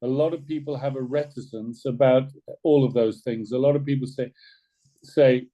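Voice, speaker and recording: A man leading an orientation call talks casually and persuasively at a moderate pace, frequently repeating himself. His medium-pitched voice sounds warm with fairly even intonation, though the recording quality is low.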